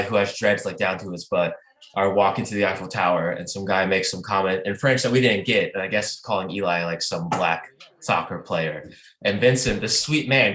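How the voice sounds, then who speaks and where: Laughing man telling tour stories, roomy. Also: fairly low pitch. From Southern United States. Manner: animated storyteller who laughs often and uses many "like" fillers. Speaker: touring band musician, guest. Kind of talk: casual interview chat. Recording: echoey room.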